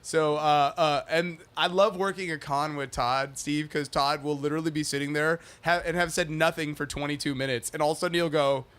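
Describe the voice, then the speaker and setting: A man's voice: a little high, steady tone, a little fast, hardly any pauses, fairly bright tone, smooth. A man co-hosting a podcast, bantering in an easygoing, joking way. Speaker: podcast co-host. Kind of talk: casual chat.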